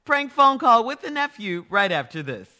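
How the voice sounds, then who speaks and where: A man hosting a morning radio show, upbeat and quick with segment intros. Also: extremely high pitch, big pitch swings, background noise. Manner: upbeat, quick, laughing often. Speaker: radio host.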